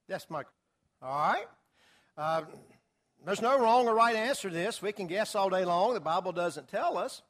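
A man's voice: high-pitched, lively intonation, normal speed, a bit bright. A man teaching a Bible study class to a group, talking casually with filler words and acting out quotes. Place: classroom or church hall with a group.

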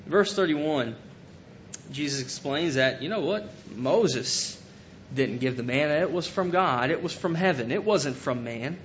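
A man's voice: expressive, unhurried. A man preaching a sermon, earnestly retelling scripture and paraphrasing it in casual everyday speech. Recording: dull lo-fi recording with faint rumble.

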